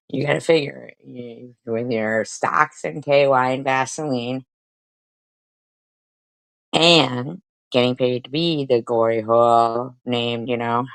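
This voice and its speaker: Very low-voiced woman with crude mocking humor. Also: steady tone, takes it slowly, creaky, no echo. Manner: crude, profane, laughing at own jokes. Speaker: streamer commentator. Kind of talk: mocking reaction commentary.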